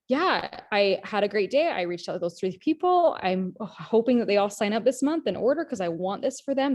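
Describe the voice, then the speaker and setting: Chatty, energetic woman giving a pep talk. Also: medium pitch. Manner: energetic and chatty, often addressing listeners as "you guys". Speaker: team leader in a direct-sales team. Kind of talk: motivational pep talk on a group call.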